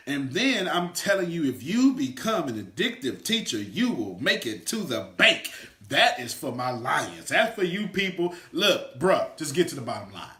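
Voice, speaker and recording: Animated man coaching in an echoey room. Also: mid-range voice. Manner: animated, swings from loud shouts to quiet asides. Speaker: motivational coach. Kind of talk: energetic motivational teaching. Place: room with a small live audience.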